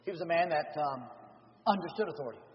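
A man preaching a revival sermon as pastor, animated, shifting between loud and hushed delivery. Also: on the high side, fast. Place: church sanctuary. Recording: dull audio with long church reverb.

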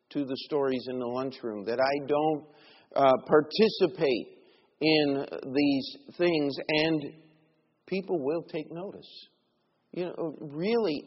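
Husky preacher in an echoing church. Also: male voice, mid-range voice. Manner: storytelling, shifting between quiet asides and raised emphasis. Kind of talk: sermon. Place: church sanctuary. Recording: dull recording in a reverberant church.

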